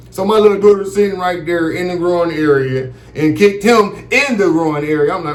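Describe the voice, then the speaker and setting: A man's voice: high-pitched, a little fast, hardly any pauses, roomy sound. A man telling a comic story casually, profane and loose, often asking "you feel me". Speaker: comedic storyteller.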